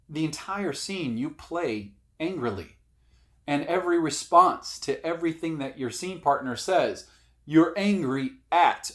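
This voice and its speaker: A middle-aged man, an acting coach, giving casual spoken advice with emphasis, swearing now and then. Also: on the high side.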